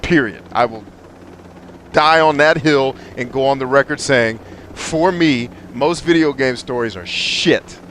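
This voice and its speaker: A man's voice: medium pitch, measured pace, a bit bright. A young man talks over his game stream and rants bluntly about stories, swearing freely. His voice sits in an ordinary middle range. Faint game noise runs behind him. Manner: blunt, profane, opinionated ranting. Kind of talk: live game stream commentary.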